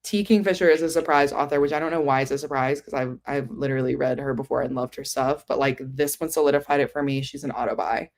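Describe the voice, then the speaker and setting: A woman with a low, deep voice hosts a casual book livestream. She rambles in a loose, chatty way, full of "um" and "like", and answers her viewers as she goes. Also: steady tone, quick pace, hardly any pauses. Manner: many fillers like "um" and "like". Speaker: book streamer.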